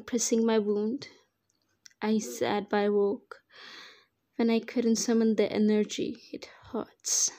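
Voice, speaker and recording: A woman reading a first-person fan fiction story aloud as the narrator, in a slow, even storytelling manner. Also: on the high side.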